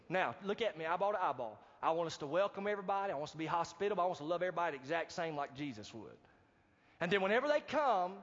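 A man preaching a sermon as pastor, animated and calling out to the congregation for responses. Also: fairly high pitch. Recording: dull, reverberant hall recording.

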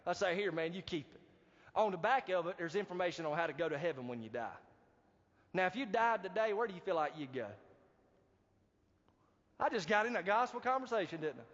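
A man preaching a sermon as pastor, animated and calling out to the congregation for responses. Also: high voice, a little fast, long pauses. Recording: dull, reverberant hall recording.

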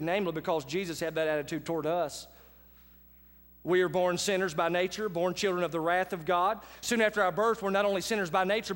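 A high-voiced man delivers a sermon from the pulpit. He keeps a casual, conversational tone but pushes his key lines with force. His voice rings out in a large hall with a long reverb tail. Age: adult with children. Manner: conversational preacher, swings between quiet asides and loud emphatic lines. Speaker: pastor.

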